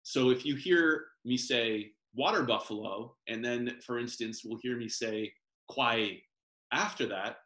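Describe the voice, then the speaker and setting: A man reading a children's picture book aloud in a gentle sing-song, pausing to explain words over a video call. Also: medium pitch. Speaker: professor reading picture books to families. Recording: roomy echo.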